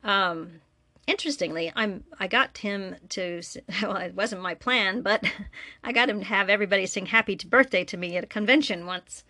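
Bright-voiced chatty woman podcaster. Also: mid-range voice, normal speed, dry recording. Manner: chatty, self-deprecating, laughs often. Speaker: podcast host and story reader. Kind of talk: casual solo podcast chat. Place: room alone.

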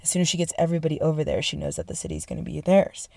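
A young woman, her voice sitting a little low, tells a history story casually and excitedly. She swears freely and fills her talk with "like" and "right?". The sound is dry and close. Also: racing, gravelly, no room sound. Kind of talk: casual profane history retelling.

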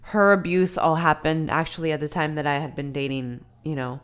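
Low, smooth-voiced woman chatting. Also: steady tone, a little fast. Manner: supportive, blunt and slangy. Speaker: podcast co-host. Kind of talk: casual chat.

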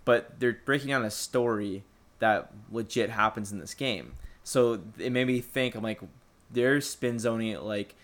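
A man's voice: lowish voice, unhurried, fairly bright tone. Casual man chatting on a podcast. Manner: loose, filler-heavy retelling. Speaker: podcast co-host. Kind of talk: casual chat about a video game.

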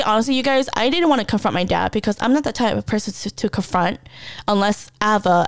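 A woman's voice: fairly high pitch, clean tone, no room sound, studio quality. Blunt, profane young woman telling a story. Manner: blunt, profane, animated retelling with laughs. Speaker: podcast host. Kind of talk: casual storytelling monologue.

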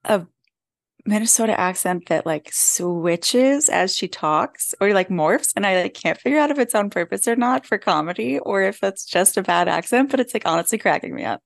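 A woman's voice: mid-range voice, expressive, fairly quick, gravelly, dry recording. A young woman co-hosting a podcast, chatting with casual enthusiasm. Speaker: podcast co-host. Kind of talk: casual chat.

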